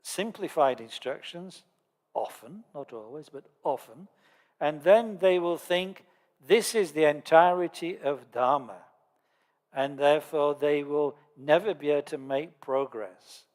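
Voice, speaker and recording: Male Dharma teacher, conversational, lightly humorous, somewhat high voice; long hall reverb. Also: a little slow, darkish tone. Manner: conversational storyteller with dry humour. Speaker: Buddhist lama teaching a course.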